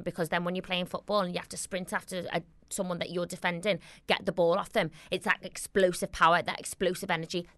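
A woman's voice: on the low side, a bit bright, no echo, studio quality. Chatty Scouse woman giving fitness tips. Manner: chatty, encouraging, rambling. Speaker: radio show host. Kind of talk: casual advice chat answering listener questions.

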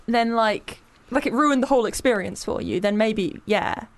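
A woman's voice: fairly high pitch, moderate pace. A woman co-hosting a casual podcast chat, hesitant and laughing often. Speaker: podcast co-host.

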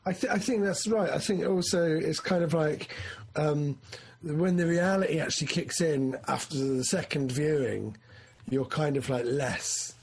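Man, husky and a touch high-pitched; loose, rambling film chat with bursts of excitement. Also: a little slow. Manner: rambling, animated, acts out his excitement. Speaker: film discussion co-host. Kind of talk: casual chat.

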